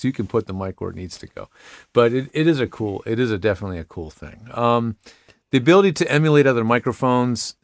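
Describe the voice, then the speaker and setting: A man's voice: mid-range voice, dry recording. A man co-hosting a tech show as an audio engineer, explaining gear with enthusiasm and some self-deprecation. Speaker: podcast co-host and audio engineer. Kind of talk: casual tech chat.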